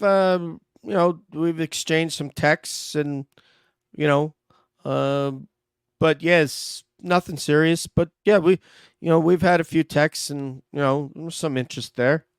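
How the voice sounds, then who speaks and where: A man's voice: fairly high pitch, takes it slowly, smooth, no echo, studio quality, pitched above the performer's own voice. A man playing an evasive male suspect in a mock police interview, hesitant and defensive with lots of fillers. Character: evasive adult male suspect under questioning.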